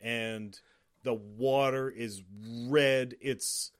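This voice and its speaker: A man's voice: medium pitch, fairly even intonation, extremely slow, smooth. A man in casual film talk, describing shots and lighting in detail with some swearing. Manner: descriptive, profane, lingers on visual details.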